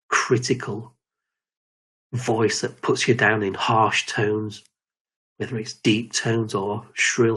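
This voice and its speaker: A man giving a slow, measured self-help talk on quieting the inner critic, often restarting his sentences. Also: on the low side, slightly rough. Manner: measured, repetitive, with frequent restarts. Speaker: confidence coach.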